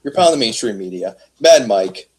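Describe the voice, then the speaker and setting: A man's voice: lowish voice, expressive, a little fast, slightly rough, low-quality recording. A man co-hosting a wrestling podcast in a joking, easygoing chat. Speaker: podcast co-host.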